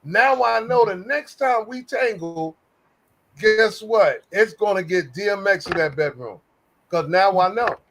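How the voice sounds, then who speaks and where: A man with a notably high voice chats as a guest on a talk show. He speaks slowly and deliberately and leans hard on his points. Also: fairly bright tone. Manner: emphatic, slow and deliberate. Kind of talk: casual chat.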